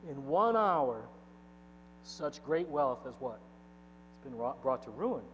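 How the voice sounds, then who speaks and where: A man's voice: medium pitch, sing-song, takes it slowly. A man preaching a sermon, reading scripture aloud and pressing the lines home with sudden bursts of force. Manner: expository preaching, reading scripture aloud with emphatic swings in loudness. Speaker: pastor. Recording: dull echoey hall with mains hum.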